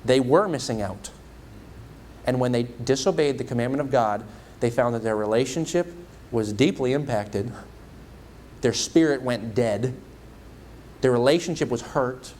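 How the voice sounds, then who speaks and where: A man's voice: medium pitch, a little slow, long pauses, darkish tone, a little hiss or hum. A male evangelist preaching a sermon in a church. He asks the congregation many rhetorical questions.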